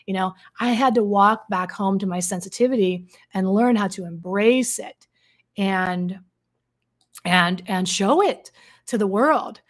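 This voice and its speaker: Woman coach talking real frank and earnest, lots of ums and restarts, middle pitch. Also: unhurried. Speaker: codependency coach. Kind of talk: candid coaching talk with personal story.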